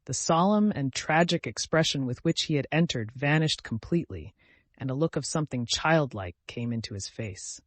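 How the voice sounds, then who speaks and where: A man narrating an audiobook in an expressive, animated reading. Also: mid-range voice, moderate pace, no echo.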